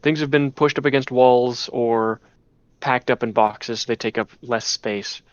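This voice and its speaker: Dude running a tabletop game, rambly, lots of you knows, dry lo-fi stream mic. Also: male voice, medium pitch, measured pace, dry recording. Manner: rambling, full of "you know" and restarts. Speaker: game master.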